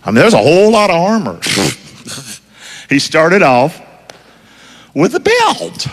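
A preacher with a fairly high voice swings it up and down as he drives his sermon. He keeps quizzing the congregation for call-and-response, folksy and emphatic. His voice rings out with a long reverb through a large hall. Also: sing-song, moderate pace.

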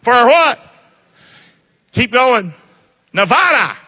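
A man's voice: very high voice, sing-song, slow pace, sharp tone, breathy edge, big-room sound. A man preaching a sermon, reading aloud and firing call-and-response questions at his listeners with emphatic energy.

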